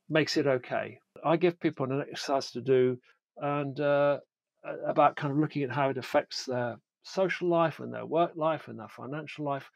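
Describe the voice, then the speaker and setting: A middle-aged British man talking casually as a podcast guest and therapist, animated and fond of mimicking people. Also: mid-range voice, vocal fry, no room sound. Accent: British English. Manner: animated, mimics people in comic quoted voices. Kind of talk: casual conversation.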